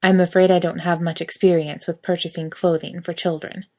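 A woman voicing a stiff, literal-minded male angel who speaks formally and calmly. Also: lowish voice, brisk, lightly acted. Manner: formal, plain and calm.

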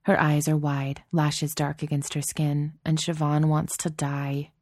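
Low, mellow woman narrating a story. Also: flat delivery, measured pace, no room sound, studio quality. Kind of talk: audiobook narration.

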